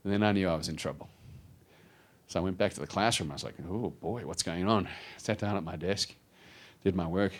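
A man preaching a sermon, telling his own story with lively storytelling and acted-out voices. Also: deep voice, fast. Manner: animated storytelling, acts out voices. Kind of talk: sermon testimony.

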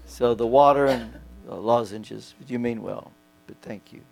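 A man's voice: mid-range voice, moderate pace, gravelly, darkish tone, faint music behind. A man in his seventies preaching a sermon to a congregation, folksy and joking, with a lingering cough. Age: 70s. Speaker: pastor.

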